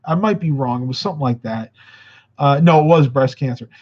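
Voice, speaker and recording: A man's voice: medium pitch, a little fast. A man chatting casually on a live stream, answering viewer comments in a rambling way, tired and a little winded. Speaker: vlogger answering live chat. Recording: muffled lo-fi audio.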